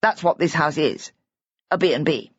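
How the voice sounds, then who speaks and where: A woman voicing a whimsical, good-humoured older father who drawls and gently teases. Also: low-pitched, normal speed, breathy edge, no echo. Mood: teasing. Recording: dull, dry lo-fi audiobook recording.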